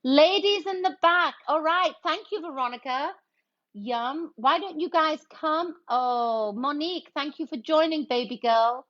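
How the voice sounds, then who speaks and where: A woman's voice: high voice, a little slow, fairly bright tone. A woman hosting a casual cocktail livestream, chatting as she mixes drinks and greeting viewers with pet names like honey. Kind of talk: casual livestream chat while mixing drinks. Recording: slightly dull lo-fi stream audio.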